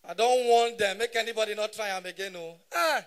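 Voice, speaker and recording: High-voiced Nigerian stand-up comedian. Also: male voice, brisk. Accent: Nigerian Pidgin English. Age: 30s. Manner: animated, shouting punchlines in bursts. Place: stage at a live show.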